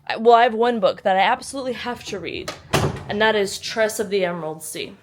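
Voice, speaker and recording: A woman's voice: mid-range voice, brisk, noisy background. A young woman chatting casually in a book vlog, bubbly and giggly. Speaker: book vlogger.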